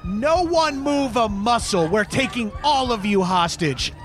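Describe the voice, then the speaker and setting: A man's voice: very high-pitched, animated, unhurried, a faint crowd. An actor playing a blustering male terrorist boss who rambles off topic in a comedy audio play. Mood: commanding. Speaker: villain.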